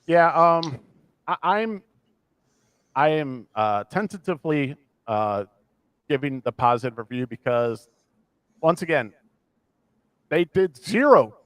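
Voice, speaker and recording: In a dry recording, a man from the American Midwest speaks on the high side, taking it slowly with long pauses. As a podcast co-host in casual chat, he rambles in an animated, self-deprecating way.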